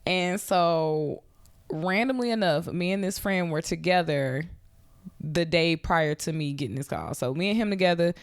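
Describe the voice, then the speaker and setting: A woman's voice: normal speed, no room sound, studio quality. A woman in her thirties, a podcast co-host, telling a story casually and acting out the voices in it. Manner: animated, acts out quoted voices with big pitch jumps. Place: Atlanta.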